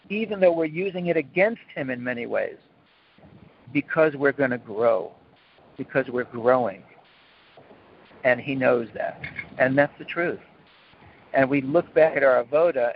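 A man's voice: medium pitch, creaky. A man giving an informal spiritual talk as a support mentor, rambling with fillers and acting out the people he quotes with dramatic flair. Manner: rambling with many fillers and restarts. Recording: tinny phone-like line.

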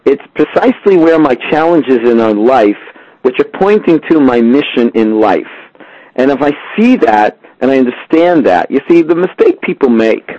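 A man teaching a Torah class, answering a question with lively storytelling. His voice comes through muffled and lo-fi, with a flat, dry sound and no room around it. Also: medium pitch, no echo. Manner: animated storyteller who acts out little scenes.

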